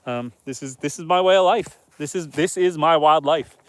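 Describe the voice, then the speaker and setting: A man's voice: a little high, normal speed, dry recording. A man hosting a casual live stream outdoors on his homestead, chatting loosely with viewers and reading their comments aloud. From Northern Canada. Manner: relaxed, rambling, reads viewer comments aloud. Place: outdoors on a homestead farm among animals.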